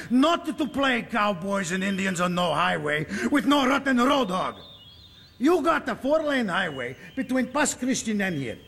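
An actor playing a proud, hot-tempered immigrant banana truck driver, who shouts and later sobs. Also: male voice, high voice, a little hiss or hum, exaggerated voice. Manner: shouting, then sobbing. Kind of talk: film drama acting.

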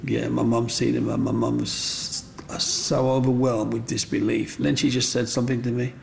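Gravelly older man. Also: mid-range voice, normal speed, slight background noise. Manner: rambling, animated, acts out voices. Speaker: interviewee. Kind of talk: storytelling interview.

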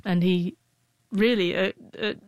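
A woman in her forties tells a personal story in an interview. She stutters, often breaking off sounds and restarting words. Her voice sits at a middle pitch and is recorded dry and close, with no room sound. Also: steady tone, measured pace, no echo. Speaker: interview guest.

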